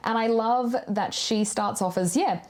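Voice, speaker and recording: A woman's voice: fairly high pitch, a little slow, a little mellow. A woman co-hosting a podcast, in casual, enthusiastic chat, swearing freely. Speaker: podcast co-host.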